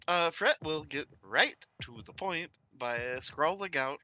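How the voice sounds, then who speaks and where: A man playing in a tabletop game with a bright, fairly high voice. He describes his character's moves hesitantly, pausing on lots of fillers. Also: lively intonation. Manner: hesitant, full of ums and uhs. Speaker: player.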